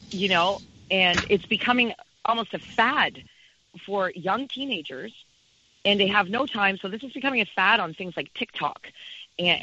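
A woman guest with a very bright, sharp-edged voice talks with passion in an interview. She drives her points home by repeating them. The audio sounds dull and lo-fi, with faint noise underneath. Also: mid-range voice. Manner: emphatic, repeats key phrases. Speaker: campaign organizer, guest. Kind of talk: impassioned interview talk.

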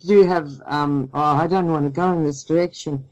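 A woman's voice: deep voice, steady tone, normal speed, darkish tone, rough recording. Chatty woman listening and reacting. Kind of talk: casual chat.

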